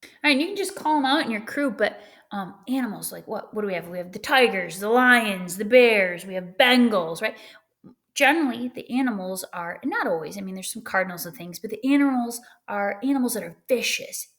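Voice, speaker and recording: Lively woman teacher giving a lesson. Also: mid-range voice, fairly quick. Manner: lively, tags with "right?" and "okay?". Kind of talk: recorded classroom lesson.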